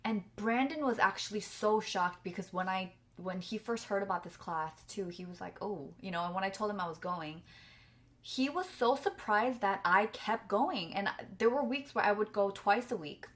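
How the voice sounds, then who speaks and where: A woman's voice: mid-range voice, moderate pace. A young woman chatting casually to camera as a vlogger, earnest and effusive, filling her talk with "like" and "you know.". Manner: chatty, filler-heavy with frequent "like".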